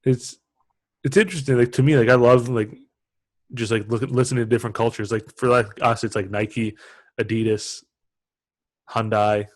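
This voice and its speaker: A man's voice: medium pitch, fairly even intonation, brisk, no room sound. A young Canadian man with an Ontario accent, hosting a podcast interview in a loose, chatty way full of filler words. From Canada (London, Ontario). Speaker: podcast host. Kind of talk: casual interview chat.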